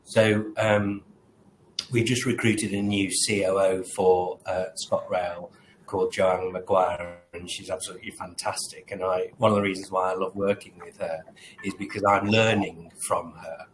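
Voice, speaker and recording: Low-voiced man telling a workplace story. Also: flat delivery, normal speed, a little hiss or hum, poor audio. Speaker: panel guest, railway executive. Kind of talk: panel discussion.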